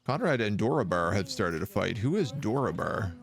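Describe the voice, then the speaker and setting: A man's voice: on the low side, very animated, normal speed, vocal fry. A man giving casual, wry live commentary while he plays a strategy game, chatting and thinking aloud. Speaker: streamer playing a kingdom sim. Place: living in Quebec.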